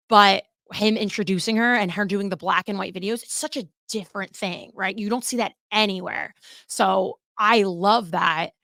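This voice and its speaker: A woman's voice: medium pitch, pushed and bright, no echo, clean studio sound. A young woman hosting her own podcast, talking casually and candidly, and swearing freely as she chats. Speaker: podcast host. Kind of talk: casual solo podcast commentary.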